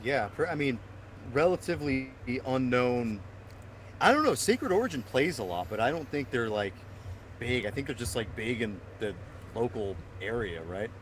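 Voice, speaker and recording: A man's voice: medium pitch, animated, normal speed, a little hiss or hum. A man co-hosting a casual podcast, telling band stories with laughter and impressions of friends. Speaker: podcast co-host and band member. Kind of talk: casual chat.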